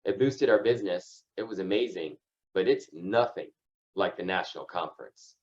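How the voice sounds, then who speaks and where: A man leads an insurance agency's training call, talking loosely and tagging points with "right?" in a casual team session. His voice sits low with a darkish tone at normal speed, and the highs are cut off.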